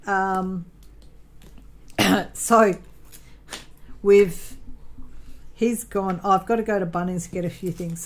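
Her voice sits in the mid range, and the recording quality is low. An Australian woman, she's crafting at home and vlogging casually, spinning out a long, meandering personal tale full of ums and self-corrections.

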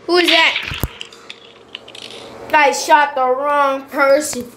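A woman giving casual, rambling game commentary, excitable and repeating her pleas over and over. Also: high voice, very slow, background noise. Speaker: gameplay commentator.

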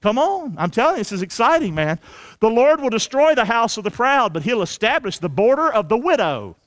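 A man preaching a sermon as pastor, energetic and colloquial, calling on the congregation to repeat lines after him. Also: extremely high pitch, a little fast. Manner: colloquial, drops into folksy slang. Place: church sanctuary.

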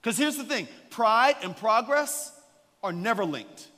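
Lively high-voiced preaching man. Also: measured pace, long reverb tail. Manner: animated, joking storyteller preaching. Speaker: guest pastor. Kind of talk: sermon. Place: church sanctuary.

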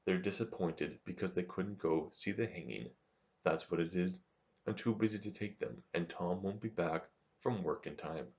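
A man's voice: sits low, normal speed, a little mellow, highs cut off. A man reading the part of a nervous, harried mother who talks apologetically about her noisy children. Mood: fretful. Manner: fretful and apologetic.

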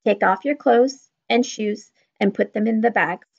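A woman's voice: on the high side, unhurried, creaky, highs cut off. A woman voicing a cold, commanding male smuggler in a storybook read-aloud, giving blunt, threatening orders.

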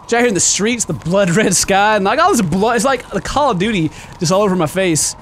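Excitable male gaming host with a bright, high voice, game music playing clearly behind him. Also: a little fast. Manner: excitable, yells at enemies, laughs often. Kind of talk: let's play commentary.

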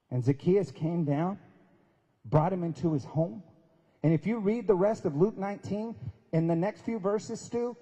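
A man's voice: sits high, dark tone, breathy edge. A man giving an emphatic, sermon-style speech at a prayer breakfast, mixing preaching with folksy humor. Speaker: guest speaker. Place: large event hall at a university. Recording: long hall reverb.

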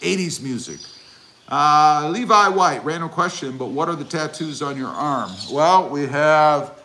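A man's voice: fairly high pitch, unhurried, sharp tone, slight background noise. A man hosting a casual livestream, reading viewer comments aloud and answering them with jokes. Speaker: livestream host.

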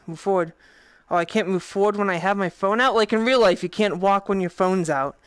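A woman with a Boston accent giving casual, profane, excitable commentary while playing a VR game. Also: mid-range voice, a little fast, no echo, studio quality. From Boston, USA. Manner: profane, excitable, thinking aloud. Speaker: VR game streamer. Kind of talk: casual let's-play commentary.

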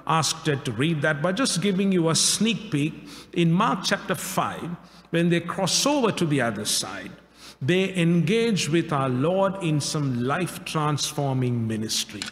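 A male pastor preaching a sermon in a measured way, with rhetorical questions and repeated phrases. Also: a little high, expressive. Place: church sanctuary. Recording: echoey church hall.

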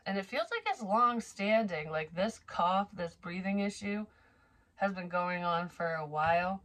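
A woman's voice: on the low side, lively intonation, a little slow, fairly bright tone. A young adult woman giving a psychic reading in a loose, rambling and profane way, with an occasional cough. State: occasional cough, slightly wheezy. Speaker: psychic reader. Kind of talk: tarot reading monologue.

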